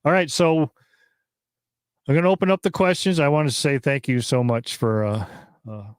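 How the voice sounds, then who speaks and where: A man hosting a live podcast, talking casually and excitedly, with many fillers and restarts. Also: a little high, moderate pace, clean tone, no echo, clean studio sound. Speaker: podcast host.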